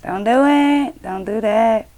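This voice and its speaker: A woman's voice: on the high side, slow, mellow, slight background noise. A woman giving a casual tarot reading, blunt and profane, scolding and emphatic. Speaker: tarot reader.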